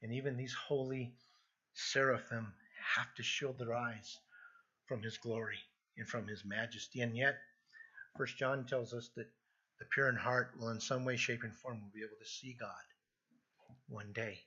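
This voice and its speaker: A man's voice: mid-range voice, steady tone, normal speed, bright, forceful tone, slightly rough, dull audio. A man preaching an earnest expository sermon, emphatic and prone to restarting his phrases. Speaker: pastor.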